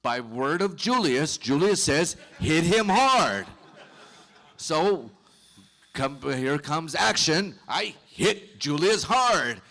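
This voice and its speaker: A man on a convention panel telling a lively story from a film set, acting out what others said. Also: on the high side, slow pace, vocal fry. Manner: animated storytelling, acts out dialogue.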